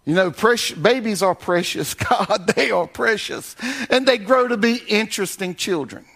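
Preaching at a moderate pace in a creaky voice, this older pastor shifts from loud, lifted calls to quiet, low dips. He laughs along with his congregation in a homey, folksy style.

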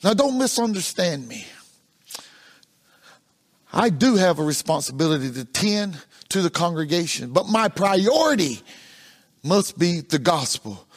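A man as pastor with a high voice, sing-song sermon delivery that sinks soft at phrase ends. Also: big pitch swings, measured pace, long pauses. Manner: repeats words as he builds a point.

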